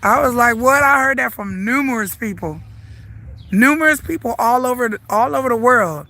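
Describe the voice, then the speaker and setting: A middle-aged woman with a Southern US accent, congested and hoarse from the flu, chatting and rambling as she walks and livestreams in a park. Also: on the high side, expressive, moderate pace, bright, forceful tone. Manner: chatty, rambling, laughs often. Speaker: vlogger. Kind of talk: casual livestream chat while walking. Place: outdoors at a lake park.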